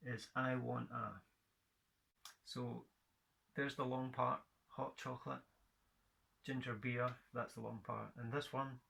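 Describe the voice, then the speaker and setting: A man's voice: medium pitch, gravelly, a bit bright. A man from Scotland teaching a guitar rhythm lesson, counting in and chanting rhythm words in time.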